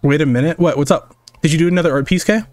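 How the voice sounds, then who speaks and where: A man's voice: fairly high pitch, rapid-fire, a little mellow, faint music behind. A young man streaming as a digital artist, chatting casually and profanely, reading his chat aloud and firing jokes back.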